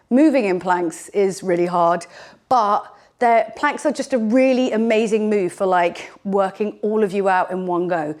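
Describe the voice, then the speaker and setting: A woman leading a bodyweight workout as a fitness instructor, chatty and encouraging, a little out of breath, speaking into a clip-on mic. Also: sits high. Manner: chatty, encouraging, jokey coaching. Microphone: clip-on microphone on her t-shirt.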